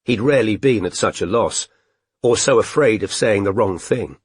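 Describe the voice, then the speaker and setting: A man narrating an audiobook in a measured, even storytelling manner. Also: on the low side, husky, no echo, clean studio sound. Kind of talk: scripted narration.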